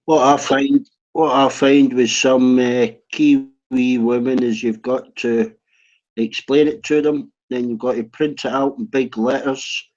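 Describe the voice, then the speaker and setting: A man in a casual voice chat who makes dry, teasing remarks at a middling pitch. His voice comes through a dull, lo-fi connection. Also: fairly even intonation, measured pace, a little mellow.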